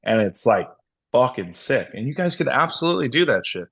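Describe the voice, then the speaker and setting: A man's voice: medium pitch, big pitch swings, a little fast, gravelly, fairly bright tone, slightly rough. A man guesting on a podcast, talking enthusiastically in casual chat and swearing freely. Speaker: band member guest.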